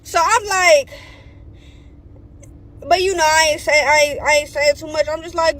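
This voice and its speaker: A young woman, telling a storytime in a blunt, profane, animated way and acting out the voices she quotes. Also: high voice, moderate pace, pauses often. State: pregnant. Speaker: storytime vlogger. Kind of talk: casual storytime rant.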